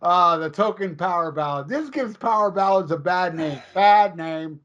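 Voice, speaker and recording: Brief: high-pitched man, playful rock-podcast co-host, laughs through his stories, dull lo-fi audio. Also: moderate pace, fairly bright tone. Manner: jokey, laughs often, retells anecdotes. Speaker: podcast co-host reviewing an album. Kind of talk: casual chat.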